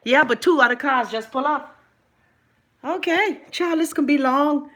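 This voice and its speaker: A young Bahamian woman hosting a live stream, chatting loudly to her viewers, gossipy and swearing freely. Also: high voice, measured pace. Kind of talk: casual live-stream chat.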